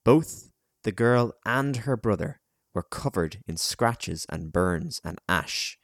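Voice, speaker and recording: A man narrating an audiobook chapter in a measured, dramatic storytelling manner. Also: fairly low pitch, lively intonation, vocal fry, no echo, studio quality.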